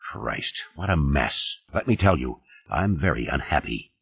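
A man reading the part of a gruff, commanding male company boss who talks curtly and coarsely, in an audiobook. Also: a bass voice, big pitch swings, measured pace, a bit bright, no echo, pitched below the performer's own voice, heavily acted. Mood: irritated. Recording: dull, dry studio recording.

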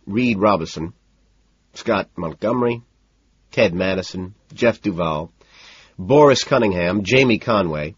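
Man, husky, fairly low voice, detached scripted narration, dry slightly dull recording. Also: no room sound. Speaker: audiobook narrator. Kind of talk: scripted first-person narration.

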